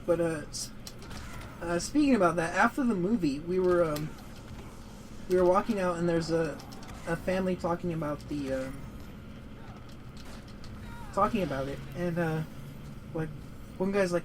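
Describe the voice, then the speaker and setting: Young male co-host, high voice, loose profane rambling chat over a light noise floor. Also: moderate pace, long pauses, poor audio. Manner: rambling, profane, laughs often. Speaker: podcast co-host. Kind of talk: casual gaming chat.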